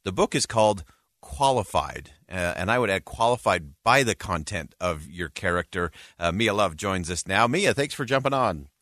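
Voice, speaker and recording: A man's voice: sits low, expressive, moderate pace, fairly bright tone, no echo, studio quality. A man hosting an interview show, introducing his guest and asking questions with frequent hesitant uhs. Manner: hesitant, many filler uhs. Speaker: show host.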